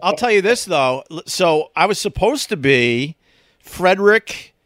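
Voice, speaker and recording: A man's voice: on the high side, big pitch swings, moderate pace, fairly bright tone, dry recording, studio quality. A man chatting on a podcast, telling stories about his childhood and laughing easily. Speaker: podcast guest. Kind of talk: casual chat.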